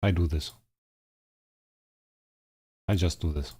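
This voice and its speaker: A hoarse man streaming a game live, commentating and fretting over a rival player while talking to his chat. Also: low voice, steady tone, slow pace, warm tone. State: hoarse, strained voice.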